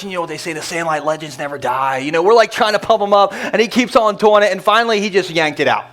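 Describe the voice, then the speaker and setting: A male pastor preaching to a church congregation in a joking, energetic manner with quick asides. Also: high voice. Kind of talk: humorous sermon. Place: church sanctuary before a congregation.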